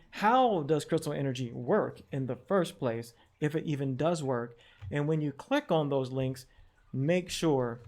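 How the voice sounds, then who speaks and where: A man's voice: fairly high pitch, darkish tone. A man giving an online lesson on checking sources, skeptical and questioning, with frequent fillers and restarts. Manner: skeptical, questioning, reads quotes aloud with wry asides. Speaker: educator explaining online research. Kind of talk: screen-share tutorial talk.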